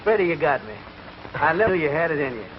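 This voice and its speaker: A man's voice: on the high side, sing-song, fast. A man playing a jovial straight man in 1940s film dialogue, on a muffled, hissy old film soundtrack. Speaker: old friend and show-business acquaintance.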